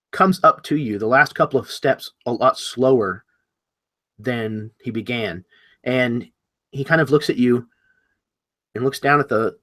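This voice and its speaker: A man's voice: medium pitch, fairly bright tone. A man narrating a tabletop game as game master, describing actions with many hedges. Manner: descriptive, hedging.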